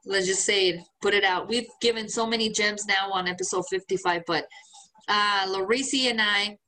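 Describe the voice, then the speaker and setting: A medium-pitched woman's voice at normal speed belongs to a podcast co-host. She's recounting a story in casual talk laced with swearing, lively and performing the lines of those involved.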